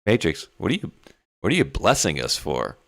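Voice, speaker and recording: A man's voice: low voice, huge pitch swings, moderate pace, gravelly, no room sound, clean studio sound. A man co-hosting an online talk show in a laid-back, rambling, mocking way. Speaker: co-host. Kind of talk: casual chat.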